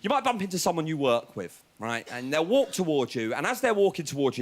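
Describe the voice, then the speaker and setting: A man doing a stand-up comedy set, animated, acting out other people's voices. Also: quick pace. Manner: animated, acts out other voices, jumps into a much higher yelling pitch. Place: TV studio stage with a live audience. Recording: live TV studio with crowd laughter.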